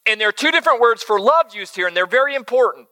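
A man preaching a sermon, earnest, swinging from emphatic lines to soft, hushed ones. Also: very high-pitched, expressive, fast talker. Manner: earnest, shifts between loud emphasis and soft near-whisper. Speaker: pastor.

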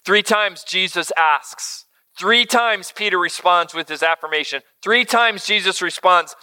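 A man preaching a sermon, earnest, swinging from emphatic lines to soft, hushed ones. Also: sits high, unhurried, clear, resonant tone. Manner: earnest, shifts between loud emphasis and soft near-whisper. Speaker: pastor.

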